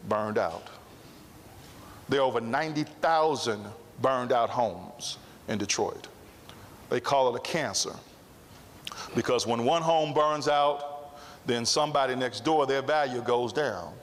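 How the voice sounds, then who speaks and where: A man telling a story in a public speech at a summit, with emphatic repetition. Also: mid-range voice. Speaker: summit speaker. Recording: long hall reverb.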